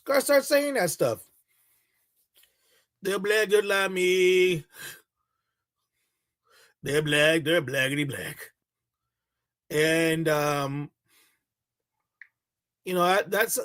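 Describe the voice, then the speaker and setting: A man's voice: high-pitched, slow, long pauses, fairly bright tone. A man hosting a reaction channel, delivering heated, mocking commentary with lots of repetition.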